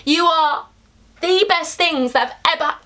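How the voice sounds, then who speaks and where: A woman's voice: extremely high pitch, unhurried, sharp tone. A young woman, giving earnest, emotional advice straight to her viewers in a heartfelt vlog. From England. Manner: earnest, emotional and affectionate, addressing viewers directly. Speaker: YouTuber.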